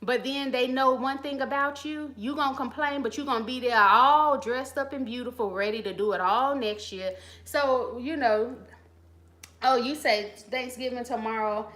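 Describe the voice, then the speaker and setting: A woman with a fairly high, fairly bright voice talks at a moderate pace. Hosting her channel's live stream by phone, she casually lays down advice in slangy, no-nonsense terms and says hi to chat viewers.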